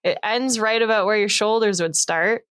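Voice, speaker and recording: A woman's voice: mid-range voice, normal speed, fairly bright tone, smooth. A woman guest on a podcast, giving direct, encouraging advice in casual chat.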